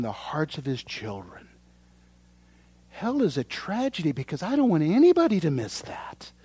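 A man preaching a sermon, swinging from loud proclamation to hushed whispers and speaking straight to his congregation. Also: a little high, wildly swooping pitch, moderate pace, slightly rough, no room sound. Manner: addresses the congregation directly. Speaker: pastor.

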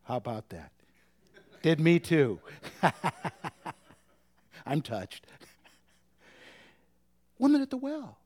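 A man preaching a sermon, asking the congregation rhetorical questions and swinging between forceful emphasis and hushed whispers. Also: a little high, huge pitch swings, drawn-out words, long pauses, no room sound. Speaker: pastor.

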